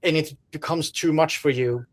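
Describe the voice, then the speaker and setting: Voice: mid-range voice, moderate pace. A game master narrating a horror tabletop game, describing scenes in a loose, rambling way with lots of fillers and restarts.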